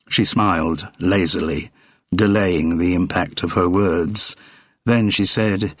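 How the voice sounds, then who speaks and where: A man reading a mystery audiobook in a measured narrating style. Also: sits low, fairly even intonation, breathy edge, no echo, clean studio sound. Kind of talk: scripted narration.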